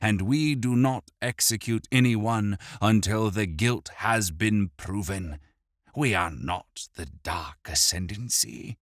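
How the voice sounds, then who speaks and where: A man voicing a stern elven steward, speaking with grave, measured authority in an audiobook. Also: lowish voice, no echo, clean studio sound, voice pushed up.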